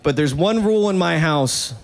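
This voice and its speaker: A man's voice: on the high side, expressive, normal speed, gravelly. A man from New York telling a rambling, profane, self-mocking story as a stand-up comedian. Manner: casual, profane and self-mocking, with many "like" fillers.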